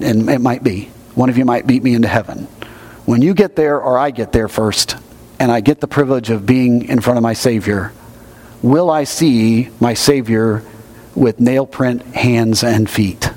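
A man's voice: mid-range voice, a little mellow. A middle-aged man preaching a sermon, conversational and emphatic as he explains scripture. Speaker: pastor.

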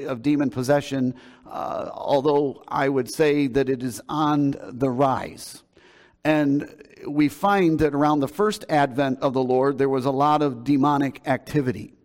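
A man's voice: medium pitch, a little mellow. Man preaching in a reverberant hall. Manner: conversational preaching, retelling scripture with emphasis. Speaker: pastor. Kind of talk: sermon.

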